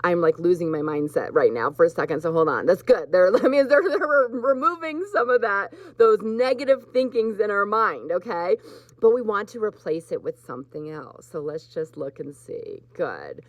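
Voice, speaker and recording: A woman hosting a live spiritual card reading, talking gently to her viewers and getting emotional at times. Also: fairly low pitch, animated, moderate pace, no echo. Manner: warm, emotional, choked up with laughter at times. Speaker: host.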